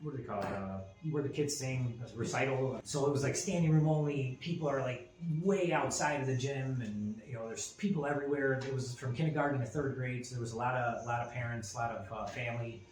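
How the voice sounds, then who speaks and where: A man's voice: medium pitch, brisk, hardly any pauses, a little mellow. Rambling man in his forties, roomy echo. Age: 40s. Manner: rambling storytelling, many fillers and restarts. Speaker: podcast co-host. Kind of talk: casual chat. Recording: roomy echo with faint ambient noise.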